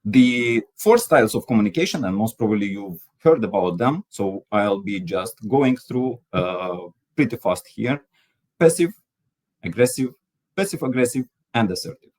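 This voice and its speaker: Husky low-voiced man giving a training talk. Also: animated, a little mellow. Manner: explanatory, pauses with fillers. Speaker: workshop speaker.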